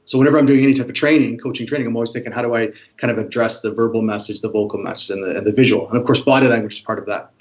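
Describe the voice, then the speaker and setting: A man speaks quickly and eagerly as the expert guest, breaking down how words, voice and looks carry a message. He tries out different ways of saying a greeting to make his point. The sound is slightly dull and lo-fi. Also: medium pitch. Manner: fast, animated, demonstrates tones of voice. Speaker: body language expert guest. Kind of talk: explanatory interview talk.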